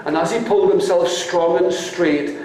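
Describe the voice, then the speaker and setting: A storyteller man from the United Kingdom, telling a folk tale live to young listeners with theatrical, drawn-out delivery and calls to join in. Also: high voice, steady tone, darkish tone. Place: large hall before an audience. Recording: echoey hall with faint noise.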